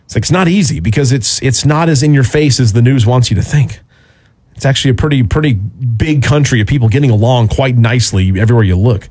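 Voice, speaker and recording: A man's voice: mid-range voice, quick pace, a little mellow, slightly rough. A man with a Southern US accent hosting a radio talk show, chatting casually and reading listener emails aloud.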